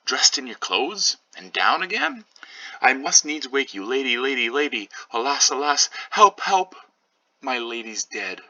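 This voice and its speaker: A man voicing a fussy, flustered old female nurse in a high, wailing voice. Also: steady tone, a little slow, bright, forceful tone, recorded from a distance, muffled recording, heavily acted. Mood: panicked.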